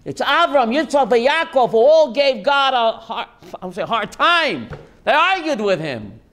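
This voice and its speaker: A man, a rabbi, giving a lively Torah class, calling on listeners by name and slipping in Yiddish and Hebrew words. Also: very high-pitched, moderate pace. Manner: lively, addresses listeners by name, jokey asides; mixes Yiddish and Hebrew terms. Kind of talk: animated Torah class to a live group.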